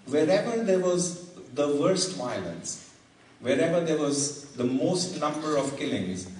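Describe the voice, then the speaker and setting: A man giving a guest lecture, telling a story slowly and deliberately with pauses. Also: fairly high pitch, sing-song, darkish tone. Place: lecture hall. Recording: echoey hall, mic far off.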